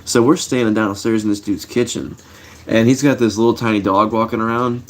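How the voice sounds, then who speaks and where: A middle-aged man with a slightly low voice talks to his live chat in a loose, rambling way. He tells stories with plenty of fillers and restarts. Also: fairly even intonation, brisk. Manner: laid-back, rambling, many fillers and restarts. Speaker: livestream host. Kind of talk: casual storytelling to a live chat.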